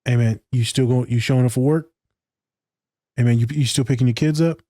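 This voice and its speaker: A man's voice: medium pitch, fairly even intonation, a little fast, dark tone, no echo, clean studio sound. A man in casual podcast chat, loose and candid, swearing freely and acting out conversations. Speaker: podcast co-host.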